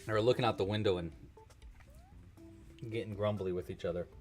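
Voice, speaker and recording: A man's voice: fairly low pitch, steady tone, brisk, a little mellow, faint music behind. A man hosting a live crochet-along, chatting casually and joking while he thinks aloud about his work. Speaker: livestream crochet host.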